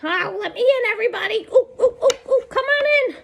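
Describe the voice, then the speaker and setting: A woman voicing an eager male fox asking to be let in, in a sing-song manner with excited oohs. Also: very high voice, brisk, gravelly, slight background noise, voice pushed up.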